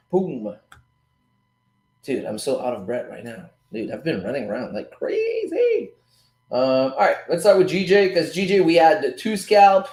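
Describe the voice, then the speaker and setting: A man's voice: mid-range voice, roomy sound. A man hosting a casual live stream about forex trading, talking loosely to his viewers and swearing now and then. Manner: loose, chatty, swears casually, calls the audience "guys" and "dude". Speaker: livestream host teaching forex trading. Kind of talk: casual live-stream chat and trade breakdown.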